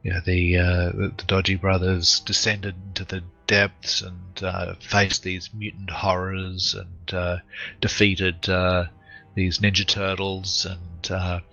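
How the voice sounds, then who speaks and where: Deep man, slow halting speech, husky gravelly voice, dull lo-fi recording. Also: completely flat delivery, pushed and bright, soft background music. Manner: halting, many fillers. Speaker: player. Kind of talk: casual tabletop play.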